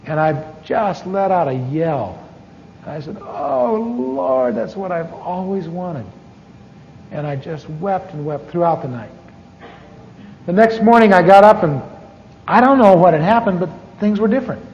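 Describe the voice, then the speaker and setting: A middle-aged American man telling his testimony as a sermon, halting and restarting as he acts out the dialogue. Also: high-pitched, expressive, darkish tone, slight background noise. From United States. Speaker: pastor. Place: church conference hall. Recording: muffled 1980s recording in a reverberant hall.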